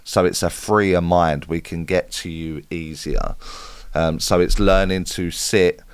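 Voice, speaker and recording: A man's voice: deep voice, fairly even intonation, measured pace, clean tone, no echo. A man, a spiritual medium, chatting casually as he answers viewer questions on a live stream. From United Kingdom. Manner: chatty, reads out viewer comments and answers off the cuff.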